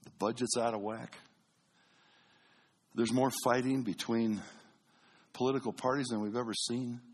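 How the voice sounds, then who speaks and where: A man, a pastor, preaching a sermon with animated storytelling that swings between booming and hushed delivery. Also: normal speed, husky.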